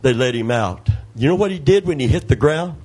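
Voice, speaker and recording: A middle-aged man preaching a sermon, calling out to the congregation and breaking into loud shouts as he tells stories. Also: medium pitch, animated, fairly quick. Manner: call-and-response preaching, calls for amen, storytelling, sudden shouts.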